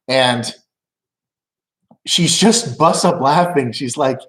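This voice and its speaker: A man's voice: medium pitch, normal speed, a bit bright, echoey room. A middle-aged man casually telling rambling stories at home, profane and loose, laughing at his own jokes. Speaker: live streamer.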